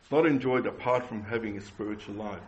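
Man, preacher, low-pitched, earnest, repeats phrases, rhetorical questions. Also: fast, a little mellow, highs cut off. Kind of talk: sermon.

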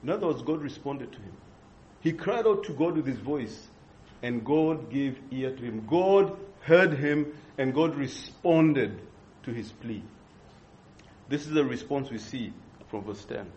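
A man preaching an expository sermon, earnest and measured, pausing and restarting as he thinks. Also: medium pitch, animated, darkish tone. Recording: dull lo-fi recording.

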